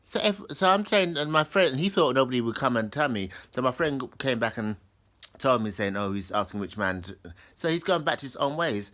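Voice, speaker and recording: Man, mid-pitched, casual rambling storyteller, lots of restarts. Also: lively intonation, a little fast, a bit bright. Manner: rambling, full of restarts, acts out others' lines in raised voices.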